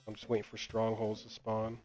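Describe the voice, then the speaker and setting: A young gaming channel host with a lowish, monotone voice talks briskly while playing a game. He rambles through stories packed with fillers, swearing and laughing. The dull, dry lo-fi mic picks up game music in the background.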